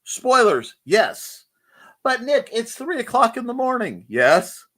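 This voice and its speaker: A man's voice: very high-pitched, very animated, takes it slowly, fairly bright tone. A man hosting a casual live chat show, playful and jokey, often breaking into silly voices. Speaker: host.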